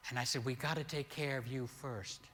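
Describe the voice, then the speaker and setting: An older man preaching as a pastor, telling a healing story slowly and animatedly, with sudden loud peaks. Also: mid-range voice, steady tone. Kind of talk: sermon storytelling. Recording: long hall reverb.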